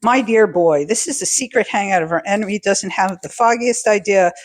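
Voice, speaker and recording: A woman's voice: medium pitch, fairly quick. A woman co-hosting a podcast in casual chat, wry and reading out her own notes. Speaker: podcast co-host.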